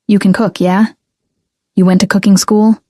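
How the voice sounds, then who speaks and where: A hurried, pushy restaurant floor manager barks orders in a quick burst, his voice a bit higher and louder than the narrator's own, as a woman narrator puts him on. The delivery is dry and close, in an audiobook-style storybook reading. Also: little pitch movement, no room sound, close to an everyday voice. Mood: urgent.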